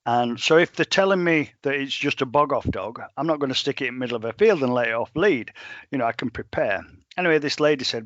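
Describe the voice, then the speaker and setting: A middle-aged man, a dog trainer telling stories in a plain-spoken, animated way. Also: medium pitch, fast, dry recording, lo-fi sound. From England. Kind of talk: storytelling in a podcast interview.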